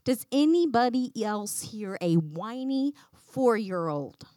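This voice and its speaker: Animated woman teaching a church lesson. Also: on the high side, slow pace, dry recording. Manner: animated, acts out quotes, laughs often. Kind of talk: Bible lesson to a congregation.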